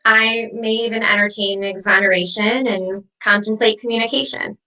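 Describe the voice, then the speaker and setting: A woman acting as a vengeful ghost who haunts her ex, taunting them with sharp, mocking wordplay in a comedy sketch. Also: mid-range voice, steady tone, moderate pace, far from the mic, natural voice, rough recording.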